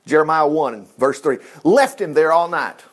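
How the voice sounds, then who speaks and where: A man gives a casual, folksy sermon. He reads scripture aloud and breaks in with his own comments. His voice sits high and swoops widely as he talks. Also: lively intonation, normal speed. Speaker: preacher.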